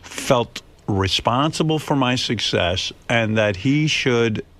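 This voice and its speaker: A man's voice: medium pitch, slow pace. A man hosting a radio talk show, talking bluntly and telling stories on air into a studio microphone. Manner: blunt, animated storyteller.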